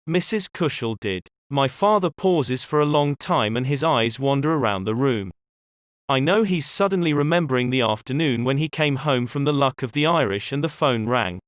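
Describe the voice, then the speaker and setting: Expressive male audiobook narrator. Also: medium pitch, no room sound, clean studio sound. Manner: measured, expressive storytelling. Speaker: audiobook reader. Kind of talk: scripted first-person narration.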